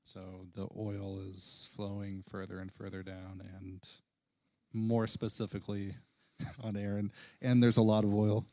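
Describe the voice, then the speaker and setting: A man's voice: lowish voice, flat delivery, measured pace, darkish tone, no echo, clean studio sound. A man answering a teacher's question in class, explaining step by step. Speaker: student.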